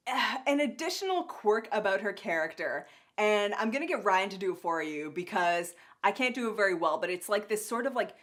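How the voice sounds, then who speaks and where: A young woman co-hosting a casual podcast, rambling and animated with lots of filler words. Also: mid-range voice, fairly quick. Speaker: podcast co-host reviewing a cartoon. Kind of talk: casual chat.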